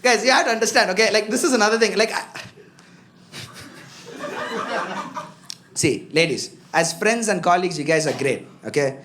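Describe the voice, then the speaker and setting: A man's voice: high voice, expressive, moderate pace, long pauses, a little hiss or hum. A young man performing a stand-up comedy set, chatty and self-mocking, often talking straight to the crowd. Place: comedy club stage with a live audience. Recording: live club with loud crowd laughter. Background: audience laughter.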